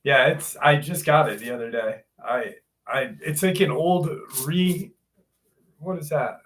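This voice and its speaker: A man's voice: on the high side, a little slow, a bit bright. A man hosting a live stream, chatting casually and greeting viewers one by one in a laid-back way.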